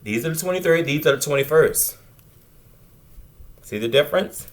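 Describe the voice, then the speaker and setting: A man hosts a casual gardening vlog from a table of seedlings indoors. His voice sits a little high, and he talks with chatty enthusiasm, often turning to speak straight to his viewers. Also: lively intonation, normal speed. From Virginia, USA. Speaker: gardening channel host. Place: indoors at a table of seedlings under grow lights.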